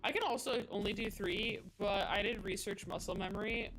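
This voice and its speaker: A woman with a medium-pitched, fairly bright voice live-streams while coding, speaking at a normal speed. She chats casually and thinks aloud in a rambling way with many fillers, with faint music playing behind her.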